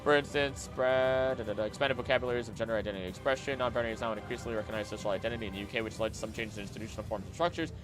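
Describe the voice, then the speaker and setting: A man's voice: lowish voice, music in the background. Man speed-reading, prone to heated rants. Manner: skims text aloud quickly with mumbled filler; bursts into loud, heated rants. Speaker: streamer. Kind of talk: casual live-stream chat, reading aloud.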